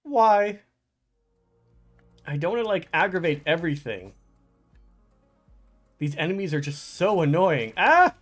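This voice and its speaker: Over soft background music, a man with a fairly high, expressive voice narrates his let's play at a measured pace, pausing often. The gaming channel host mutters to himself while playing, casual yet frustrated, with exclamations and outbursts.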